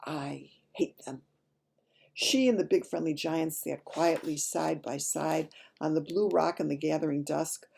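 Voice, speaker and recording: A woman reading a children's novel aloud in a gentle storytelling manner. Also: low voice, moderate pace, vocal fry, hardly any pauses, breathy edge. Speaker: reader.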